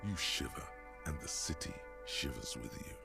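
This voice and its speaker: A gravelly brooding game narrator. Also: male voice, lively intonation, moderate pace, over loud music, full character voice. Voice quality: deep, gravelly.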